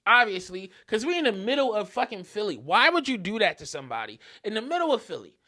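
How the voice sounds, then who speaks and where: A young man hosting a podcast, telling a story in an animated, profane, casual rant. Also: high voice, quick pace. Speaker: podcast host.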